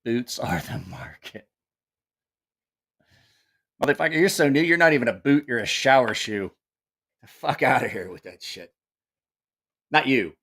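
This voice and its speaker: A man's voice: mid-range voice, expressive, unhurried, long pauses, a bit bright, husky. Profane, incredulous man hosting a live stream. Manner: incredulous, profane, mocking rants with laughter. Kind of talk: casual live-stream commentary.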